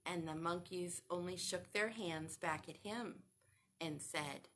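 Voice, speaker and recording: A woman reading a picture book aloud to children, animated and sing-song, stopping to ask them questions. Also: on the low side, takes it slowly, faint music behind. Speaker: children's storytime reader.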